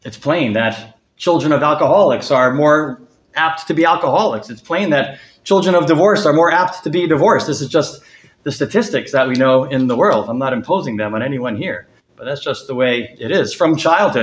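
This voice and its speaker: Male pastor preaching a sermon, earnest and emphatic, fairly high voice, echoey church hall. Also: animated, moderate pace. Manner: earnest, rises in pitch for emphasis, drops soft on key words. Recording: echoey room.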